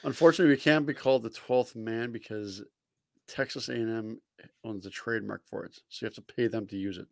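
Gravelly man reciting sports stats. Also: lowish voice, fast talker, darkish tone, dry recording, studio quality. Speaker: podcast co-host. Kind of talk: casual sports chat.

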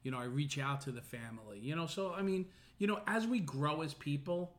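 Middle-aged male podcast host, earnest and rambling, voice sits a bit high. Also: fairly quick. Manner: earnest, many fillers and restarts. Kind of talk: casual personal monologue.

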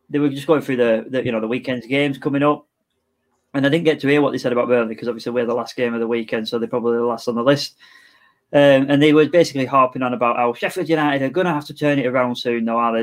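A man co-hosts a casual football podcast and speaks quickly. His take is relaxed and opinionated, at a medium pitch. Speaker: podcast co-host.

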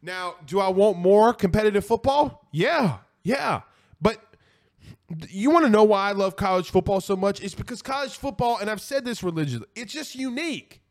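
A man with a slightly high-pitched voice hosts a casual sports live stream. He talks bluntly and repeats himself for emphasis. His delivery is animated, and now and then he curses and apologizes for it. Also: moderate pace. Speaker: host of a college football show. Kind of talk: casual live-stream chat reading viewer comments.

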